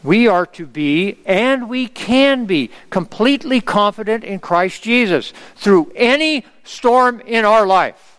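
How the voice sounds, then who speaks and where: A man's voice: high voice, expressive, slow pace, fairly bright tone, clean tone. A middle-aged man preaching a sermon in an earnest way, often calling out to the congregation for an amen. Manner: earnest, asks the congregation for amens.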